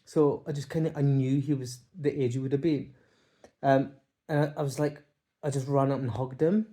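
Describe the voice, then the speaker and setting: A man talks to his viewers from home, his voice mellow and dark in tone. He speaks haltingly and from the heart, with restarts, pauses and soft fillers. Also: medium pitch, fairly even intonation. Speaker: vlogger. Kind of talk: casual emotional monologue. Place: home, by a window.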